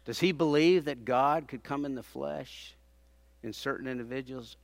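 A man preaching a sermon, dramatically acting out the people he quotes, rising to loud peaks and dropping to hushed tones. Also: normal speed, creaky, dry recording. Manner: dramatic, acts out quoted speakers with big swings in loudness; drops to hushed low tones for emphasis.

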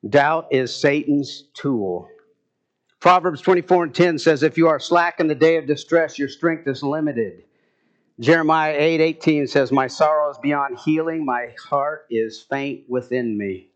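Guy preaching a sermon, kinda high voice, gets worked up and emphatic, muffled lo-fi sound. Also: unhurried. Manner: preaching with rising, emphatic bursts and quoted scripture.

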